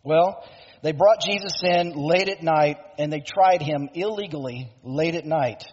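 A male preacher who tells the story emphatically, often stopping to restate himself. His voice is high and husky. The sound is dull and lo-fi, with long reverb from a hall. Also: unhurried, a little mellow. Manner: emphatic storytelling, self-interrupting. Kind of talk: sermon, dramatic retelling.

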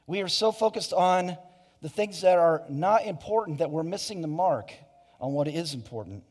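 This pastor's voice is fairly high and darkish in tone, expressive, at normal speed. He preaches earnestly to his church in a sanctuary with hall reverb, restarting often, making asides and saying "you know" frequently.

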